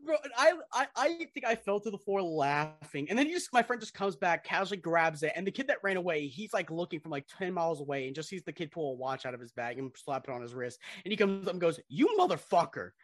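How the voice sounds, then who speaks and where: A man's voice: a little high, animated, quick pace, hardly any pauses, a bit bright, dry recording, clean studio sound. A young man co-hosting a podcast, telling stories in a rambling, swearing, laugh-filled way. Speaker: podcast co-host. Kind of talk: casual podcast chat.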